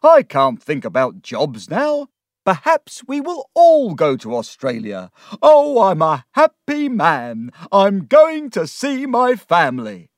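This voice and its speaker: A man voicing an excitable middle-aged gentleman in a storybook reading, theatrical and swelling with feeling. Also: high-pitched, takes it slowly, no echo, studio quality, voice pushed up, full character voice. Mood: elated. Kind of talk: audiobook character reading.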